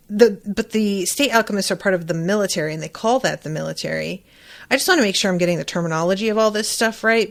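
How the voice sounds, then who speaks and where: A woman hosting a podcast, recapping an episode in casual, chatty talk and acting out quoted lines as she goes. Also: mid-range voice. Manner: chatty, animated retelling with quoted asides. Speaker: podcast host. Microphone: desk microphone.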